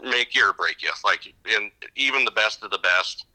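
Low-voiced rambling fishing guide. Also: male voice, normal speed, pushed and bright, rough recording. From upper Midwest of the United States. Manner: rambling storyteller with many restarts. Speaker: fishing guide and podcast guest. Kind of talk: casual interview chat.

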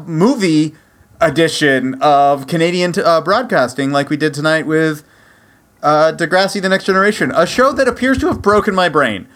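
A man hosting a podcast, joking around in loose, animated banter and swearing freely. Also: fairly high pitch, moderate pace. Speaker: podcast host.

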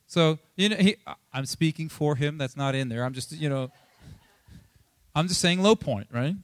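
A pastor giving a casual, conversational sermon, chatty and animated, acting out Bible scenes in quick asides. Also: male voice, fairly high pitch, dry recording. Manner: chatty, animated, acts out Bible quotes, many fillers.

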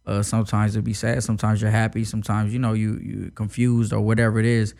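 A man's voice: fairly low pitch, monotone, fast, gravelly, darkish tone. A young man from Texas, a rapper being interviewed, talking in a laid-back, slangy way with lots of fillers. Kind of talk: casual interview talk.

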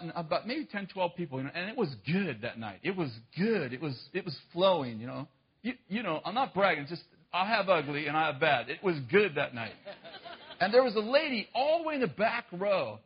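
A man delivers a sermon as a running personal story, mocking himself and laughing along the way. His voice sits a little high and has a husky edge. The recording sounds dull and muffled. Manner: animated, self-mocking, laughs often. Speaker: preacher.

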